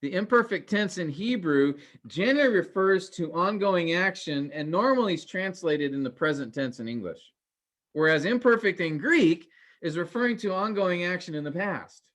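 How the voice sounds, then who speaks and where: Male teacher, relaxed and chatty, earnest, many ums and restarts. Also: sits high, moderate pace. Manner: relaxed and conversational, with frequent fillers and restarts; earnest, cautionary. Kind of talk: informal class lecture.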